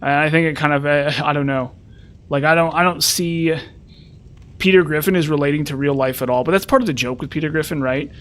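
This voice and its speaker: A man's voice: a little high, a little fast, a bit bright. A man from the western United States in a rambling casual chat, full of fillers and restarts. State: frazzled. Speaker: streamer.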